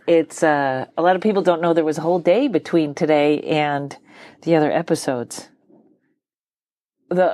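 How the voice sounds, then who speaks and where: A woman's voice: low-pitched, mellow, no room sound. A woman hosting a casual podcast, chatting with her sister and reading articles aloud with joking asides. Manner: chatty, laughs easily, reads with asides. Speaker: podcast host.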